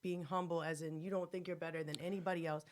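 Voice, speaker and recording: A woman's voice: on the low side, little pitch movement, fast talker. A young woman, a comedian guest on a podcast, frank and argumentative with crude jokes. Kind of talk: casual podcast banter.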